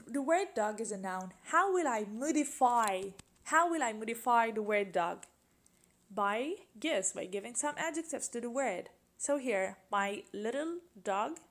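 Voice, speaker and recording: Woman, English teacher, classroom grammar lesson, patient, repeats examples, unhurried delivery. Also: on the high side, a bit bright. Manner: slow, patient, asks questions and repeats examples.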